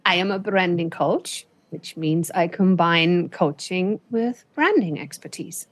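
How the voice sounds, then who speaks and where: A woman's voice: lowish voice, lively intonation, measured pace, no echo. A woman co-hosting a podcast as a branding coach, chatty and enthusiastic. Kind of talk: casual podcast chat.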